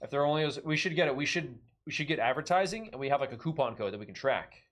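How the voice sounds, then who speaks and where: A man's voice: on the high side, expressive, fast, a bit bright, a little hiss or hum. A young man hosting a live card break, chatty and laughing often as he calls out cards. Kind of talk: casual live-stream chat.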